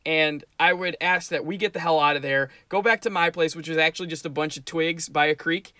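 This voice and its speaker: A man's voice: on the high side, fairly even intonation, brisk, sharp tone, dry recording. A man co-hosting a podcast, chatting playfully about tabletop game scenarios and laughing often. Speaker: podcast co-host.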